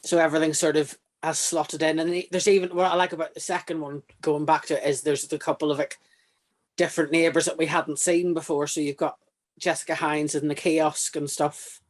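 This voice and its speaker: A man, a guest on a film podcast, telling a story in a relaxed, casual way. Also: on the high side, brisk. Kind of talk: casual chat.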